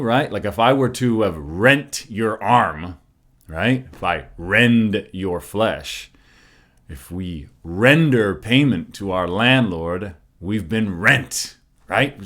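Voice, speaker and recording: A man talking casually in a rhetorical, folksy way, often tagging his points with questions and slowing down to stress single words. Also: fairly low pitch. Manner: rhetorical, folksy, keeps asking "right?". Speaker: preacher musing on word origins. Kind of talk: casual spoken monologue.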